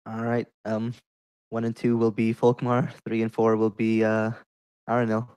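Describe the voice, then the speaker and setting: A man playing a tabletop game, calmly calling out rolls and damage. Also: on the low side, normal speed, clean tone. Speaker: player. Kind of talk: tabletop play and dice calls.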